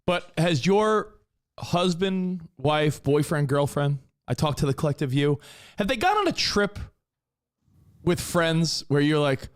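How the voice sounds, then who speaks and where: A man's voice: a little high, a little slow, clean tone. A man co-hosting a podcast, telling rambling stories in casual chat. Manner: rambling, animated storytelling. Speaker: podcast co-host. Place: Los Angeles.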